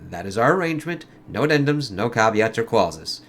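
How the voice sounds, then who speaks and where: A man's voice: medium pitch, sing-song, brisk, fairly bright tone. A man voicing a grandiose, mocking male villain from a comic, read with lofty theatrical phrasing.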